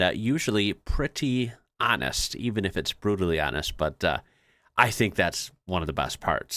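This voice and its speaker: Laid-back american guy chatting thru a reaction vid, low voice, super dry room. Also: bright, forceful tone, no room sound. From United States. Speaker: reaction video host. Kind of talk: casual reaction commentary.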